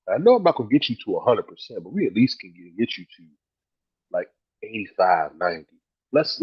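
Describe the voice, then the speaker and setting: A man's voice: mid-range voice, husky, lo-fi sound. A man co-hosting a casual podcast, telling stories with lots of swearing and acting out his friends' quoted words. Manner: swears freely, many "like" fillers. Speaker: podcast co-host.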